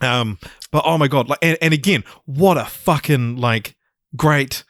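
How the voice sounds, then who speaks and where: A man co-hosting a podcast, chatting casually about films in a rambling, excitable way, with loose swearing. His voice is mid-pitched and sounds dry and close to the mic. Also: measured pace, dry recording. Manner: rambling, enthusiastic, swears freely. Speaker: podcast co-host. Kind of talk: casual film discussion.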